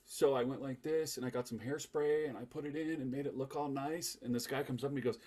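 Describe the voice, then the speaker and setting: A man hosting a podcast in a casual group chat, playful and quick to laugh, putting questions to the group. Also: medium pitch, mellow. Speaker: podcast host.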